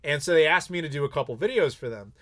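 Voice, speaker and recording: A man with a somewhat high voice chats casually with his viewers during a live Q&A stream. He is candid and blunt, swears freely and tells his stories in an animated way. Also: fast. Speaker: YouTuber host.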